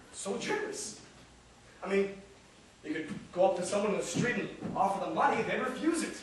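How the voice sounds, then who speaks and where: An actor playing a restless, witty out-of-work New York man in a stage monologue, rambling and animated, mimicking passers-by. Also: sits high. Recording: echoey room from far off, noisy.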